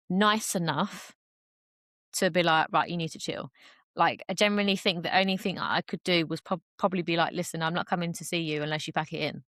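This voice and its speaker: A woman's voice: lowish voice, fairly bright tone, no room sound, studio quality. A young woman talking openly as a podcast guest, chatty and full of fillers, acting out the voices she quotes. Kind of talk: casual conversation.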